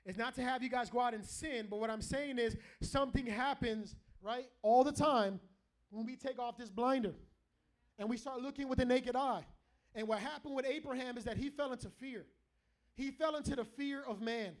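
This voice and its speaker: Preaching at normal speed, a middle-aged pastor with a very high-pitched voice jokes and calls out to his congregation. He's animated, speaking to a live audience in a church hall.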